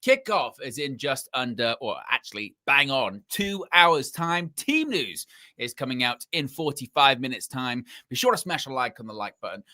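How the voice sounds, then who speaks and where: A man's voice: mid-range voice, big pitch swings, normal speed, sharp tone. A man hosting a live football fan show, chatting casually with sarcastic asides. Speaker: host.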